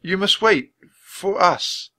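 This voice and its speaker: A man voicing a grown male knight in a storybook reading, speaking slowly and emphatically. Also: high voice, animated, pushed and bright, voice pushed up, full character voice. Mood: earnest.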